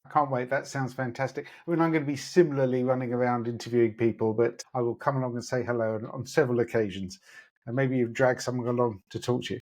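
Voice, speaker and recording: A man's voice: mid-range voice, steady tone, fast talker, darkish tone. A man from the United Kingdom hosting an interview, friendly and encouraging. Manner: friendly, encouraging, full of praise. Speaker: interview host. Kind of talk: casual interview chat.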